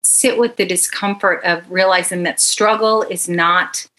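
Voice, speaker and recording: A woman's voice: on the low side, fairly even intonation, unhurried, bright, forceful tone, poor audio. A woman author being interviewed as a podcast guest, speaking earnestly with emphatic, rhythmic repetition.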